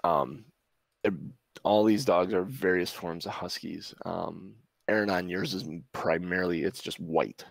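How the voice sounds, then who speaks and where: A man running a tabletop game as game master, narrating in a relaxed, halting way with many fillers. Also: low-pitched, vocal fry, dry recording.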